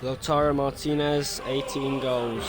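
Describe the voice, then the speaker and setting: A man streaming a football video game, doing his own match commentary that swings from quiet musing to shouted goal calls. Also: medium pitch, level tone, measured pace, over loud music. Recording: noisy background ambience.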